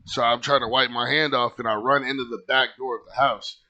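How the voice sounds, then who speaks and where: A man's voice: mid-range voice, fairly even intonation, fairly quick, sharp tone. A young man telling a personal story in a casual, rambling way, full of fillers and swearing. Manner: rambling, lots of filler likes, swears freely.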